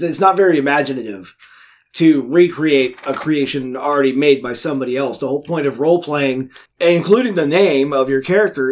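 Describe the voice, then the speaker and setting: A man with a slightly higher voice than most, hosting a casual podcast chat. He keeps things playful and jokey, trading puns and explaining his ideas at length. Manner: playful, punning.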